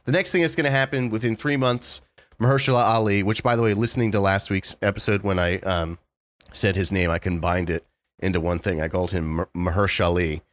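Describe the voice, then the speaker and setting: A man co-hosting a casual podcast, opinionated and excitable, swearing and slurring words as he rushes his thoughts out. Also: sits low, no room sound. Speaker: podcast co-host. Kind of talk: casual chat.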